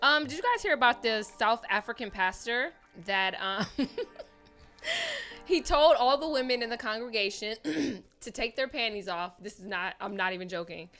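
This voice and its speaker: A woman's voice: a little high, animated, normal speed, a bit bright, soft background music. A woman co-hosting a casual radio talk show, chatty and teasing as she gives the news. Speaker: co-host reading news.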